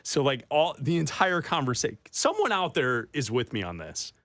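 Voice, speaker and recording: Teasing sports-radio man with a lively voice. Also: medium pitch, normal speed, no room sound. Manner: teasing, playful, laughs easily. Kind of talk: casual sports radio banter. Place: radio studio. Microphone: studio microphone.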